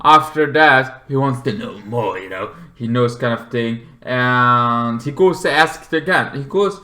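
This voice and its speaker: A man's voice: medium pitch, animated, a little slow, bright, forceful tone. A man casually reviewing a horror movie, rambling with many fillers and swearing as he retells scenes animatedly.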